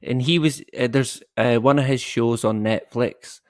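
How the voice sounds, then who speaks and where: A man's voice: mid-range voice, measured pace, no echo, clean studio sound. A man chatting as a guest, hesitant and laughing as he tells stories. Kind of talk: casual chat.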